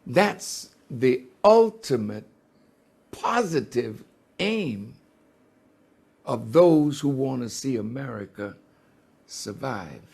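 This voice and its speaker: Slow, deliberate male speaker, preacher-like cadence, gravelly voice. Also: medium pitch, lively intonation, a little mellow.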